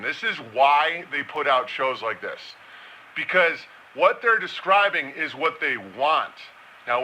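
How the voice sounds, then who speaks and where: A man's voice: fairly high pitch, bright, forceful tone, a little hiss or hum, poor audio. A man giving a casual, rambling commentary monologue, slipping into mocking impressions.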